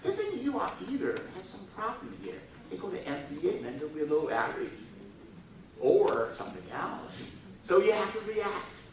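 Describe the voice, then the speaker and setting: A man lectures students with big swoops of pitch, jumping from high squeaks to low murmurs as he acts out quick exchanges. He sits well back from the microphone, so his voice comes through a boomy, reverberant hall. Now and then he prods the room to laugh along. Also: slight background noise. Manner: animated, acts out dialogues in funny voices; coaxes the audience to laugh and repeat. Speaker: forum speaker. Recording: echoey hall, voice from far off.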